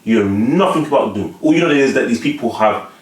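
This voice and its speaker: A man talks straight to the camera in a loose, conversational flow, circling back over his words and checking that you're with him. His voice has a middle pitch for a man. The room around him is echoey. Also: animated, a little fast. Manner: conversational, often asks the listener whether they follow; repeats and restarts words while talking. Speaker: vlogger giving life advice. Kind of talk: casual motivational monologue to camera.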